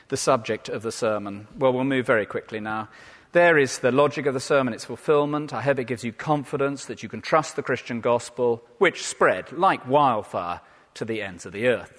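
A man preaching as vicar, telling his points like stories and swinging between loud emphasis and near-hushed lines. His voice sits at a middling pitch and carries a long church reverb around it. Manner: lively storyteller, wide swings from loud to hushed. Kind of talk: sermon.

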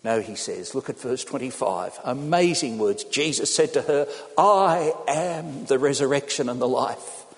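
A man preaching a sermon, animated and acting out the people he quotes. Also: medium pitch, unhurried. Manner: animated, acts out quotes in changing voices. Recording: long hall reverb.

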